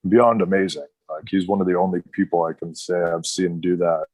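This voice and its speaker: A man's voice: low-pitched, fairly even intonation, a little fast, darkish tone, no room sound. A man, a former wrestler, telling casual stories as a podcast guest, full of "like" and restarts. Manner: rambling, heavy use of "like".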